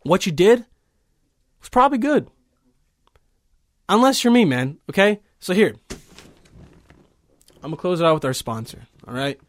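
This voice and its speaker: A man with a notably high voice talks casually into a studio microphone. He rambles, swears freely and leans on filler words. He sounds like a young adult hosting his own podcast. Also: sing-song, normal speed, pauses often, dry recording. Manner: rambling, profane, heavy with fillers. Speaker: podcast host. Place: small recording studio.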